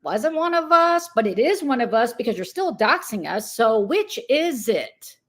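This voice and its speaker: Woman commentary host, slightly high voice, irritated and disbelieving. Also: sing-song, normal speed. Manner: irritated, incredulous, addresses target directly. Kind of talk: exasperated commentary rant.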